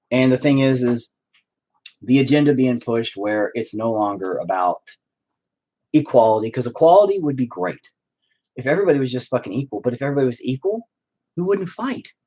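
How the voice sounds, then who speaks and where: A man's voice: mid-range voice, lively intonation, moderate pace, long pauses, dark tone. A man chatting at home while painting, rambling through a profane, opinionated rant.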